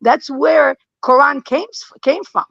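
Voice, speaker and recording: A blunt, emphatic middle-aged woman, her voice a touch high and gravelly with fry. She talks casually and repeats her points for weight. The sound is dull and lo-fi in a dry, dead space. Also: slow, no room sound. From Lebanon. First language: Aramaic. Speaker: guest. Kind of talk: casual conversation.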